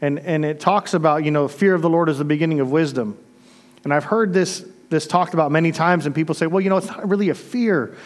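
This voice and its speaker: A middle-aged man from Florida preaching a sermon, telling stories earnestly and swinging from emphatic lines to hushed asides. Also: on the high side, fast. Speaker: pastor.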